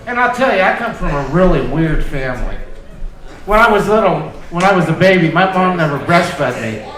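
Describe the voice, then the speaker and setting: A man performing a loose, profane, self-deprecating stand-up comedy set on a club stage. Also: high voice. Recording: echoey club with crowd laughter. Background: audience laughter.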